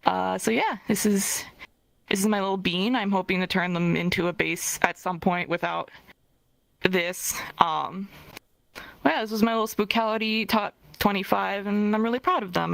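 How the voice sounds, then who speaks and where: A woman's voice: on the low side, vocal fry, fairly bright tone, no echo, rough recording. A woman casually showing off an avatar she made, chatty, with many fillers and a fond way of talking about it. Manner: chatty, full of fillers, fond of the word little. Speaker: avatar creator showing her work. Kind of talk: casual show-and-tell.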